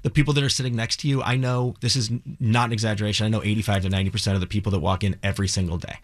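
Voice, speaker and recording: A man from Cleveland who owns a bar, talking earnestly and quickly as a guest in a radio studio, often restarting his sentences. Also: fairly low pitch, steady tone. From Cleveland, Ohio. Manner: earnest, fast, with many restarts. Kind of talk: casual interview.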